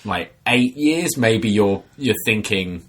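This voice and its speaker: Rambling, animated male storyteller. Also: takes it slowly. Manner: animated storyteller, acts out quoted voices with big pitch jumps; rambling, many fillers like "like" and "um". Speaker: podcast co-host telling a bar story. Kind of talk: casual chat, storytelling.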